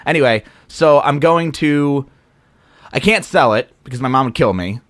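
A man's voice: mid-range voice, normal speed, fairly bright tone, no room sound, clean studio sound. Rambling young man. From Philadelphia area. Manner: rambling, self-interrupting, easygoing. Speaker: podcast co-host. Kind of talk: casual chat.

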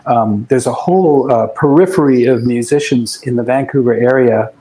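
A man's voice: mid-range voice, normal speed, dark tone, poor audio. Older canadian guy reminiscing, reflective, chatty, keeps restarting himself. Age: 60s. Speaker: guest musician. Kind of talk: casual interview chat.

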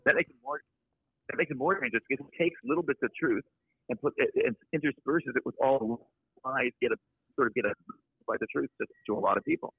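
A man with a gravelly, slightly husky voice speaks as a podcast guest. He rambles and gives blunt opinions. The sound is dry and thin, like a phone line. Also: mid-range voice, fast talker, no echo. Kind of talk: casual podcast conversation.

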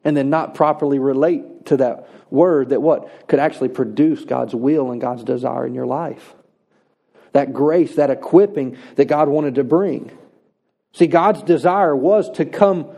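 Male preacher, slightly high, mellow voice, earnest sermon delivery with emphatic slowdowns. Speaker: pastor.

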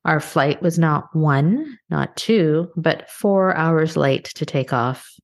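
A middle-aged woman from Canada hosts a reflective motivational podcast. Her voice sits low, and she speaks earnestly and at a measured pace. She slows down to stress her key points. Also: lively intonation. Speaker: podcast host.

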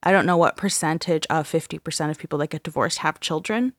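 A woman's voice: low-pitched, fast talker, no echo. Dry-voiced woman podcast host. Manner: animated, laughing, swears freely. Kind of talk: casual true-crime podcast chat.

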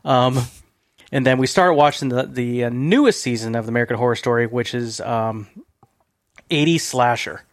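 A man's voice: mid-range voice, moderate pace, no room sound, studio quality. A man co-hosting a podcast in a loose, rambling casual chat, laughing often. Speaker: podcast co-host.

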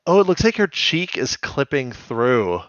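A man's voice: medium pitch, big pitch swings, a little slow, fairly bright tone, no room sound, dull audio. A man co-hosting a casual chat, recapping a cartoon episode and laughing often. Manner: laughs often, recaps scenes in acted quotes. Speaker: podcast co-host.

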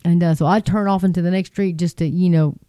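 A woman's voice: on the low side, steady tone, fast talker, mellow, dry recording. A woman, vlogging in a rambling, emphatic monologue about what worries her. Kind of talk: casual opinion monologue.

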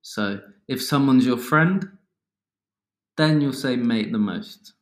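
A man's voice: mid-range voice, slow pace. A man, patiently explaining vocabulary to learners as a podcast host, with casual asides. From south of England. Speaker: English teacher and podcast host.

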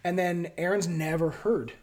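A Canadian man with a high, light voice hosts a loose, casual podcast at normal speed, mixing chat with scripted reading. He's relaxed and profane, laughing often as he stumbles through his notes, recorded on a different home mic setup at a friend's place.

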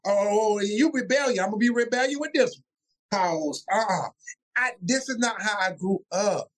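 High-voiced animated male pastor. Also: moderate pace. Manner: animated, acts out family voices mid-story. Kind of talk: casual interview storytelling.

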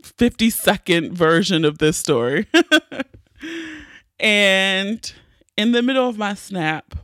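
A woman's voice: mid-range voice, expressive, takes it slowly, a bit bright, no room sound, studio quality. A woman podcast host telling a personal story in an emotional, candid way, tearful and full of fillers and restarts.

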